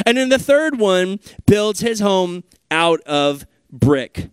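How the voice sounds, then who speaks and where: A man's voice: high voice, big pitch swings, takes it slowly, clean tone, no echo. A male pastor giving a sermon in a casual, conversational way, prompting the congregation.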